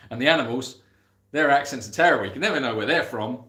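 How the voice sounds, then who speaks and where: A man's voice: medium pitch, fairly quick, pushed and bright. English man, casual live Q&A host, rambling, self-mocking, echoey room. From England. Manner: chatty, rambling, laughs at himself. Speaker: animal sanctuary host reading live chat. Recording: roomy echo.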